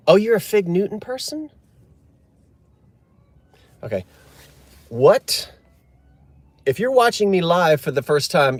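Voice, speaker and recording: A chatty man hosts a casual live stream, joking and answering viewers as he goes. His voice sits fairly high for a man, and the sound is dry and close with no room echo. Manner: chatty, jokey, reads and answers viewer comments. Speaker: livestream host.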